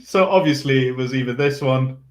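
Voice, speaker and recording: A young man hosting a wrestling podcast in casual chat, relaxed and chuckling. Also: medium pitch, brisk, reverberant. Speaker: podcast host.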